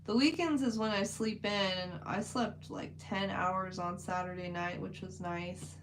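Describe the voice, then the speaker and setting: A woman's voice: mid-range voice, measured pace, background noise. Chatty woman streaming. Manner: chatty, rambling, many "like" fillers. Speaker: livestream host. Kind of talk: casual livestream chat while painting.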